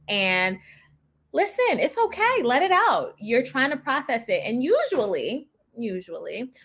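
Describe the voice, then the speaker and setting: A woman's voice: a little high, a bit bright. A woman therapist speaking to teen girls in a panel discussion, emphatic and encouraging.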